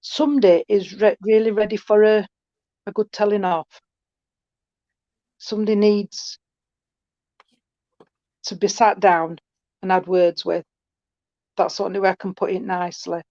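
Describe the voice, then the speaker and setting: A woman's voice: mid-range voice, level tone, unhurried, pauses often, mellow, dry recording. A woman giving an online mediumship reading, chatty and affectionate, calling people sweetheart. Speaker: spiritualist medium. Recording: dull, dry call audio.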